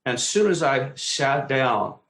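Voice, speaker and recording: A man's voice: mid-range voice, expressive, a little slow, a bit bright. A man, co-host of a talk show, casually telling a vivid personal story, acting out his own exclamations and swearing freely. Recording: echoey room.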